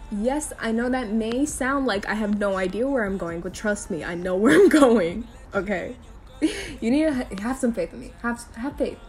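A woman in a role-play skit, a girlfriend driving her partner home, talking to the listener and swearing while insisting she is calm. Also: on the high side, moderate pace, soft background music. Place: in a car.

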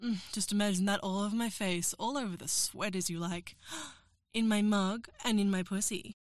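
A woman's voice: medium pitch, moderate pace, dry recording, studio quality. A woman performing an erotic audio role-play as a professor, teasing, coaxing and giving orders.

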